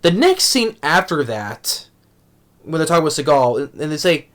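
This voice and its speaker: A man's voice: fairly high pitch, sing-song, measured pace, fairly bright tone. A young man giving a rambling, exasperated movie review rant at home, tripping over his words and restarting often.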